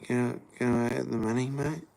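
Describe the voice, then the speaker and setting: Pleading beggar, high and drawn out, slangy whine; a man doing the voice. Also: steady tone, normal speed, vocal fry, warm tone, slight background noise, natural voice, low-quality recording. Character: pleading male street beggar, wheedling and insistent.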